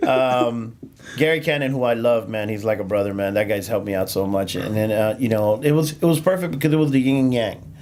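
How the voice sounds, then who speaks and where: Fairly low-pitched and a bit dark in tone, a man who does stand-up talks a little fast while telling podcast stories. He rambles with lots of laughs, fillers, and false starts.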